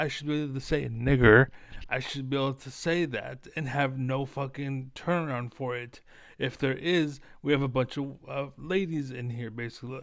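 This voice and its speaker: A man's voice: mid-range voice, creaky, a bit bright, dry recording, studio quality. A man streaming, ranting in a profane, heated and blunt way as a former competitive gamer. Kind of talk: ranting livestream monologue.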